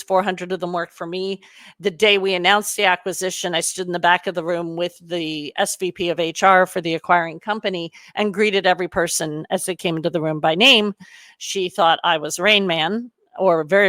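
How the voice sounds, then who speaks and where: A woman's voice: medium pitch, no room sound. Chatty woman career coach. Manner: chatty, animated, with fillers. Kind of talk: webinar talk to an audience.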